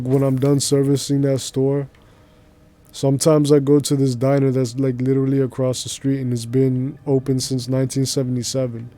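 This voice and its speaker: A man's voice: mid-range voice, dark tone. A male streamer chatting casually while he plays, rambling in slangy speech and laughing easily. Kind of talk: casual chat while gaming.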